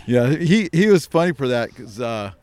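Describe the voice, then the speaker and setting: A man's voice: medium pitch, sing-song, normal speed, a little mellow, dry recording. A man co-hosting a podcast, telling rambling stories in casual chat and laughing as he goes. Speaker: podcast co-host.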